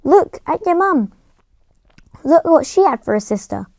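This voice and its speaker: A woman voicing a loud, blunt giant of a man. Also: sits high, big pitch swings, a little slow, dry recording, voice pushed up, full character voice. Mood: hearty. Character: big hearty adult male groundskeeper, blunt and kind. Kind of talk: storybook reading with voices.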